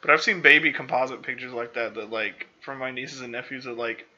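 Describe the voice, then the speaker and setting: Male let's-play host; very bright voice, rambling, filler-heavy casual commentary. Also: mid-range voice, steady tone, brisk, muffled recording. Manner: rambling, full of "like" fillers, self-interrupting.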